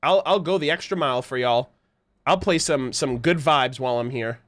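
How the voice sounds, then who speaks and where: A man hosting a casual livestream commentary, excitable and chatty, laughing often and swearing freely as he talks to his viewers. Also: medium pitch, normal speed, no echo, clean studio sound. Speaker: livestream host reacting to an animated series.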